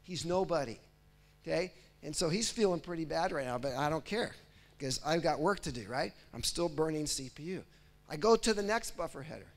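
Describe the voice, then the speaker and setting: Animated man lecturing in a higher register. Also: brisk. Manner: lively, speaks as if he were the process, often checks in with "right?" and "okay?". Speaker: technical presenter. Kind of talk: conference lecture.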